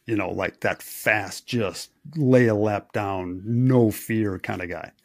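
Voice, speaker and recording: A man from Wisconsin, a race engineer co-hosting a podcast, telling rambling anecdotes in a relaxed chat. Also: on the low side, takes it slowly, no echo, studio quality. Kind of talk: casual storytelling chat.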